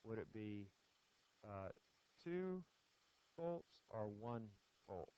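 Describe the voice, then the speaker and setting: Guy teaching physics to a class, keeps asking students stuff, smooth clear voice, dull dry lo-fi audio. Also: fairly low pitch, very animated, very slow, warm tone. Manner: conversational, asks the class questions and jokes. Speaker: physics lecturer. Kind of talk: classroom lecture with clicker questions. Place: lecture hall.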